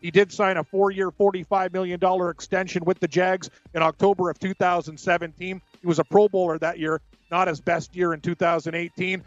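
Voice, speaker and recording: A man co-hosting sports radio, giving brisk score updates and joking banter with frequent laughs. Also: high-pitched, little pitch movement, dry recording, highs cut off, soft background music. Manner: brisk, jokey, laughs often.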